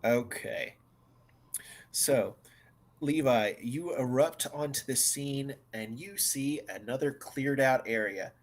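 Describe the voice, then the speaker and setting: A man narrating a tabletop game as game master, slow and halting with many fillers. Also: mid-range voice.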